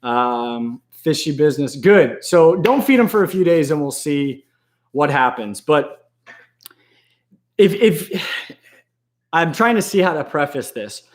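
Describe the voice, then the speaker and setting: A man's voice: on the high side, expressive, slow, long pauses. A man hosting a casual aquarium live stream, rambling and laughing a lot, sometimes slipping into goofy voices.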